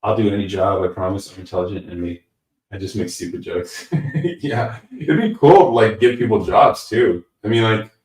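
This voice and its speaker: A man's voice: on the low side, moderate pace, darkish tone, distant mic. An American-born man hosting a casual livestream Q&A, reading chat comments and answering in a rambling, joking, self-deprecating way. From United States. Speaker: host answering live chat. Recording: roomy sound from away from the mic.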